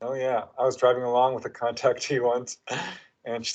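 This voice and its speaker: A man of average pitch speaking as a guest author. He tells his stories with energy, breaking into other voices for the quoted lines. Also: a little fast, low-quality recording. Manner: animated storyteller who acts out quotes. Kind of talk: casual interview chat.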